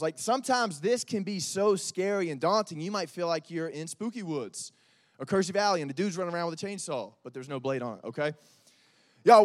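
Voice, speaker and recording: A man's voice: sits high, dry recording, clean studio sound. A young man preaching a casual, joking youth sermon. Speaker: youth pastor.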